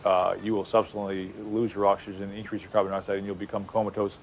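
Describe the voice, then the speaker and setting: A man explains a medical process in a brisk, clinical manner for a documentary. His voice is fairly low and he talks quickly over faint ambient noise. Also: flat delivery. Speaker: medical expert.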